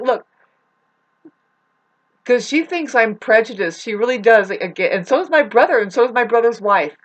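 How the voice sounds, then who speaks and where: Over dull audio, a woman vents in an unscripted vlog, her medium-pitched voice a bit bright. Close to tears and upset, she rambles and swears, restarting her sentences again and again.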